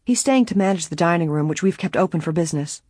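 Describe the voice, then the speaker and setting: A woman voicing a young woman innkeeper, an earnest, worried bride-to-be, in a dry, husky-toned audiobook reading. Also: lowish voice, lively intonation, fast talker, darkish tone, dry recording. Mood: polite. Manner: earnest, confiding.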